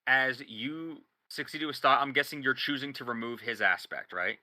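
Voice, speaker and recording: A man runs a tabletop game, thinking aloud and explaining rulings in detail. His voice is strikingly bright and forward, at an ordinary male pitch. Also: animated, moderate pace, hardly any pauses. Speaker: game master.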